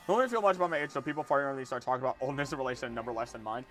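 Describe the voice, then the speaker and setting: This streamer in his twenties chats casually with his viewers during a gameplay livestream, rambling, repeating words, and reacting as he plays. His medium-pitched voice is a bit bright and races along.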